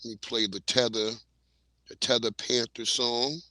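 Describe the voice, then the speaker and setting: A man's voice: medium pitch, flat delivery, a little slow, bright, forceful tone, no room sound, rough recording. A man hosting a livestream, chatting casually in blunt slang while he plays clips. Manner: slangy, blunt, laid-back. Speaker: livestream host. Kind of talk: casual commentary.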